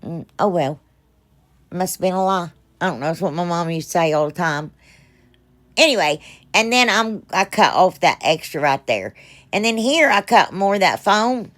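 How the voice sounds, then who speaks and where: A woman's voice: on the low side, expressive, moderate pace, a bit bright. Rambling, self-mocking craft woman. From United States. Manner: rambling, self-deprecating, chatty with fillers. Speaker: craft channel host. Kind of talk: casual crafting voice-over.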